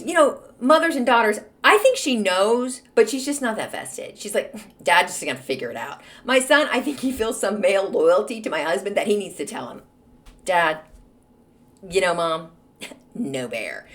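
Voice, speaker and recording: A middle-aged woman talks straight to her listeners in a loose, chatty way. Her pitch leaps up and drops down all the time, lively and expressive. She sounds like she is hosting her own solo show. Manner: animated, chatty, jumps in pitch. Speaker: podcast host. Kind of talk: casual solo podcast chat.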